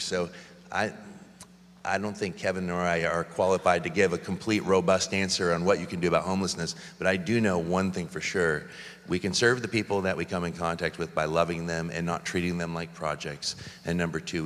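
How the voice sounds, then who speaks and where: Man, middle-aged pastor; earnest rambler, low voice, church reverb. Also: a bit bright. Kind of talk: church Q&A talk. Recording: long hall reverb.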